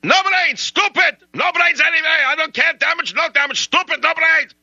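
Guy putting on an enraged screaming man, super high and shrill, lo-fi. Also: moderate pace, pushed and bright, no echo, heavily acted. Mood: furious. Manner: screeching, repeating insults. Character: enraged shouting immigrant man.

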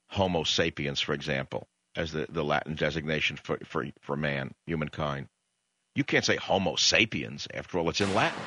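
A man's voice: very deep voice, sharp tone, no echo, dull audio. A man hosting a radio talk show, delivering a sardonic, rambling monologue.

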